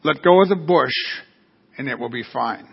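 A man voicing a calm, deep, unseen voice speaking from above in a joke within a sermon. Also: creaky, husky, dull audio. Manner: calm, unhurried.

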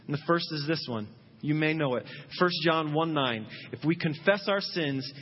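A male pastor preaches with an earnest, imploring delivery that climbs into fervent calls. His voice sits a little high and husky. The sound is muffled and rings with a long reverb through the sanctuary. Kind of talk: sermon. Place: church sanctuary.

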